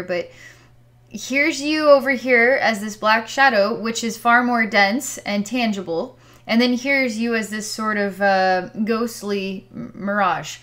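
A woman's voice: on the high side, fairly bright tone. A woman working as a psychic healer, describing what she sees during a distance healing session in a hesitant, word-searching way with sighs.

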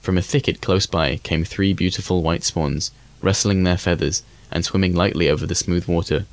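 Deep-voiced man reading a fairy tale. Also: no room sound. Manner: measured, even reading. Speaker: audiobook reader. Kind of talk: scripted storybook narration.

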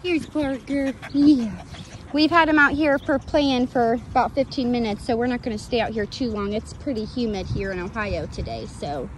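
A woman's voice: fairly high pitch, moderate pace, low-quality recording. A woman showing her puppies outdoors, coaxing them in a sing-song voice and laughing often, with outdoor noise behind her. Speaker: dog breeder showing puppies. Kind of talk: casual outdoor video with pets. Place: outdoors in a yard on a breezy day.

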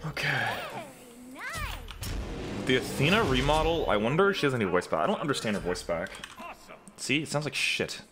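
A man's voice: medium pitch, animated, normal speed, pauses often, noisy background. A young man giving live commentary over his own game, trash-talking opponents and joking with heavy profanity. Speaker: gaming content creator.

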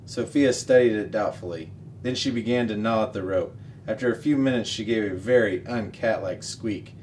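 A man reading a children's novel aloud as the show's regular reader, steady and expressive. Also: on the low side, moderate pace. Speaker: story reader. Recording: distant mic, faint noise.

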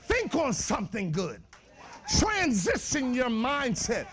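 Male preacher, high voice, animated church sermon. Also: slow, slightly rough. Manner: animated, shouting bursts, laughing asides, slangy. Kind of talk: lively sermon to youth.

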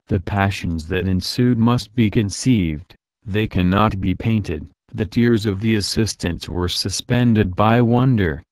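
Slow, measured male audiobook narrator. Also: on the low side, darkish tone, no echo, clean studio sound. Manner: slow, measured reading of old-fashioned prose. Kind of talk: scripted narration of a classic novel.

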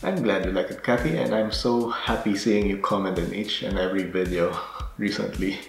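A man in his thirties talking casually in a gardening vlog, relaxed and easygoing with soft chuckles. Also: sits low, normal speed, creaky. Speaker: gardening vlogger. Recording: roomy echo with faint music.

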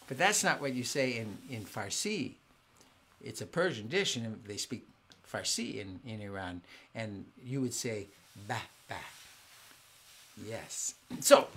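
Excitable man chatting on a family show. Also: a little high. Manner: excitable, chatty, warm with kids. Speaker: family concert singer and host. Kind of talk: live-streamed family show, chatting with viewers. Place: home in Southern California.

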